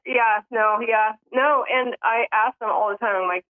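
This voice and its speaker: A woman's voice: a little high, fairly even intonation, moderate pace, hardly any pauses. A woman calling in, talking in a chatty way with lots of fillers and laughs. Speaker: caller. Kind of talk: casual phone call. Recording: tinny phone line.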